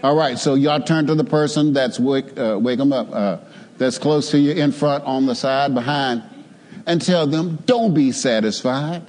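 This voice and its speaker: A man's voice: medium pitch, normal speed, a little mellow, long reverb tail. A man preaching a sermon in a church, calling on the congregation to answer him and building to emphatic exhortations. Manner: call-and-response with the congregation, rising to emphatic exhortation. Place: church sanctuary.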